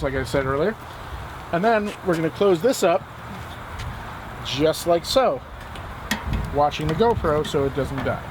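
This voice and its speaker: A man with a slightly raised voice hosts a homemade cooking show, cracking jokes as he goes. Steady background noise and the sound of traffic sit under him. The delivery is casual and playful. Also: fairly high pitch. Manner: jokey and playful, hamming for the camera. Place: outdoor grill, then a home kitchen.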